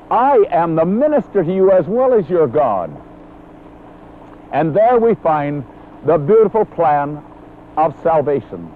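A male preacher delivers an earnest, emphatic sermon, quoting scripture in a high voice that swings widely in tone. The old recording is thin and phone-like, with a faint hiss underneath.

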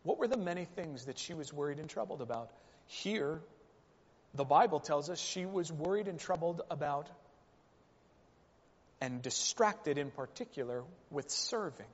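Male preacher with a high voice, measured sermon delivery, rhetorical questions; long-reverb hall. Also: lively intonation, breathy edge. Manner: rhetorical questions and repeated phrases. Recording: reverberant hall, dull lo-fi sound.

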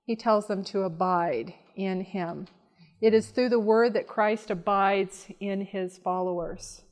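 A woman giving a sermon, telling a personal story in an earnest, conversational way with soft laughs. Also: medium pitch. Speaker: speaker.

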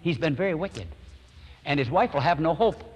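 A man voicing a gentle, guiding male divine voice in a sermon story. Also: on the high side, lively intonation, moderate pace, big-room sound, dull audio. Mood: earnest.

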